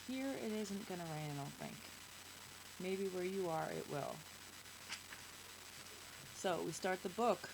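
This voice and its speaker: A woman's voice: fairly low pitch, gravelly, noisy background. A woman hosting a children's show, reading a picture book aloud and chatting with kids, asking them questions.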